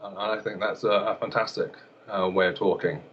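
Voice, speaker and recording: A man's voice: lowish voice, fairly even intonation, moderate pace, breathy edge, dull audio. A man, an elocution teacher, answering interview questions hesitantly, with many fillers and repeated words.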